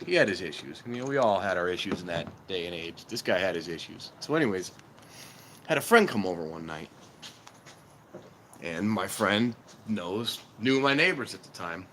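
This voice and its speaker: A man's voice: lowish voice, a bit bright. A man casually telling rambling stories at a train station at night, chuckling often, filming himself on a handheld camera. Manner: chatty, chuckles often between remarks. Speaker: vlogger. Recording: noisy outdoor ambience. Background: outdoor ambience.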